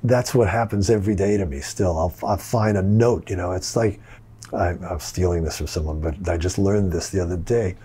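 An older male guitarist, interviewed in casual chat, telling studio stories in an animated way, laughing along and acting out other people's lines. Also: sits low, normal speed, husky. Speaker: guitarist guest.

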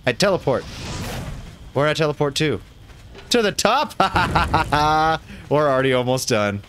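A man streaming a fantasy game, commenting casually in a goofy, excitable, playful way. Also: a little high, a little slow, noisy background. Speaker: gaming streamer. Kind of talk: casual let's-play commentary.

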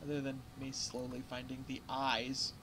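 A man running an online tabletop game as game master, reading rules aloud haltingly and laughing often. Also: medium pitch, completely flat delivery, background noise.

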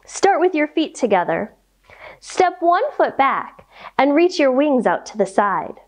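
A young woman leads a children's yoga storytime, reading the tale aloud and calling out playful animal noises. Her voice is fairly high and swings widely in pitch. She speaks slowly and clearly for small listeners. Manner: animated, slow, playful sound effects for kids.

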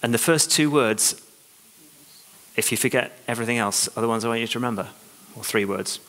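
A man preaching a sermon in a church, reading scripture aloud and urging his listeners on with lively emphasis. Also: mid-range voice, brisk, pauses often. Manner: animated, exhorting, reads scripture aloud. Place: large church hall. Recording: long church hall reverb.

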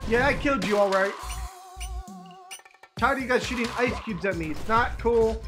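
A man giving excited gameplay commentary, with loud, frantic, shouted reactions. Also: extremely high pitch, moderate pace, pauses often. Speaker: let's play gamer. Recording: game music playing under voice. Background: video game music.

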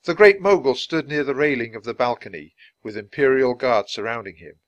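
Man reading a children's book, animated. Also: medium pitch, brisk, dry recording, muffled recording. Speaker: storybook reader.

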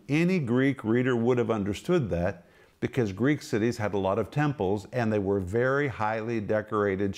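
A man's voice: mid-range voice, a little mellow. A middle-aged man teaching from the Bible on a broadcast program, emphatic and pressing rhetorical questions.

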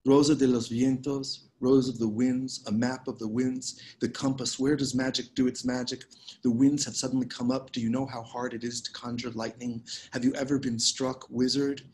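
Man giving a measured poetry reading. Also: mid-range voice, little pitch movement, a little mellow, a little hiss or hum, rough recording. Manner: measured, unhurried reading with pauses. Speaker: poet reading his work. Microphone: video call.

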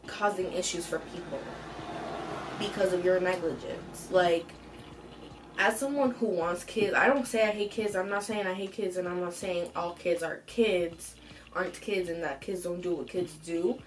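A young woman hosting an advice show, reading a submitted story aloud and reacting to it with animated, profane commentary. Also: on the low side, rough recording. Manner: animated, swears freely, reacts loudly between read passages.

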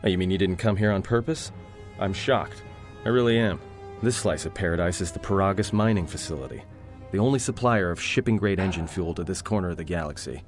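A man doing a gruff, wisecracking rogue. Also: a little fast, lightly acted. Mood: sardonic. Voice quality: low and gruff. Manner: wry, cocky, dry jokes. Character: sarcastic roguish young man prisoner. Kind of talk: video game voice acting. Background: game music.

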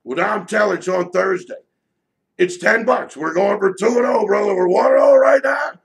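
A man working as a sports betting handicapper, shouting a brash, profane sales pitch for his picks and repeating himself often. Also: moderate pace, gravelly. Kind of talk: loud promotional sales pitch.

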